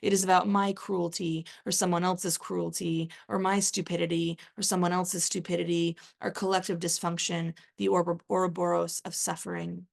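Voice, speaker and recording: A woman author reading her own first-person fiction aloud at a live event, measured and even, with the odd dry aside. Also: fairly low pitch, gravelly.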